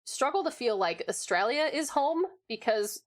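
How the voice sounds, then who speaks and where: A woman's voice: on the high side, lively intonation, normal speed. An American woman in casual chat on a livestream from home, rambling and laughing often as she answers chat. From United States.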